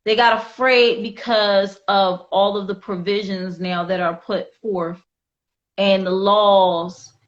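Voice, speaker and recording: Woman, talk show host, unhurried delivery, earnest and informal, slightly dull lo-fi recording. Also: medium pitch, fairly even intonation. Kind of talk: casual discussion.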